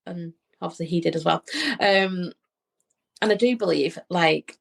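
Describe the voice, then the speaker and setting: A woman's voice: fairly low pitch, unhurried, gravelly. A woman, a podcast guest and medium, telling a heartfelt personal story in a rambling way, acting out the voices of the people she quotes.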